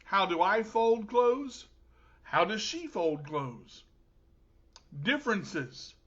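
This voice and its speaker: A man's voice: high-pitched, very animated, takes it slowly, a bit bright, muffled recording. A man hosting his own show in a casual, jokey, storytelling way. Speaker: show host. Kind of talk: casual podcast talk.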